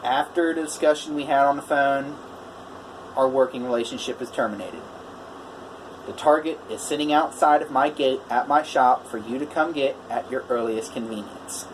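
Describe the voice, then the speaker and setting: A man's voice: medium pitch, normal speed, slight background noise, low-quality recording. Welder man retelling a customer quarrel. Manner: animated retelling, quoting both sides of a phone argument. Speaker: welder telling a customer story. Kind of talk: casual vlog storytelling.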